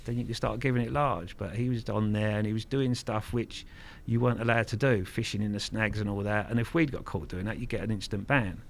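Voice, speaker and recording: A man's voice: on the low side, steady tone, a little fast, hardly any pauses, slight background noise. A middle-aged man from Kent, telling stories as a guest in a casual interview, frank and earthy, swearing freely and repeating words. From Kent, England. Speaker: guest angler.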